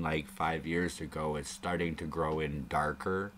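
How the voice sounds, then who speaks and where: A man's voice: a bass voice, steady tone, unhurried, hardly any pauses, fairly bright tone. A man hosting a live stream, rambling casually in a crude, joking way. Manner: rambling and crude, prone to chuckling asides.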